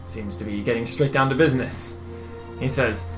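A man acting as game master, narrating a tabletop game and voicing its figures in a measured, halting way with frequent restarts. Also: mid-range voice, soft background music, low-quality recording.

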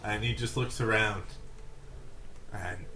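A man playing a tabletop game who narrates his character's actions in a vivid, halting way. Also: fairly low pitch, fairly even intonation, sharp tone, reverberant, a little hiss or hum. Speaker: player.

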